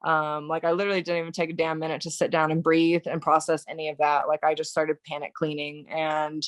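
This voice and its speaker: A young American woman, a podcast guest, recounting a painful day in a halting way with many fillers and restarts. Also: deep voice, completely flat delivery, no room sound. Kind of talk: emotional personal recollection.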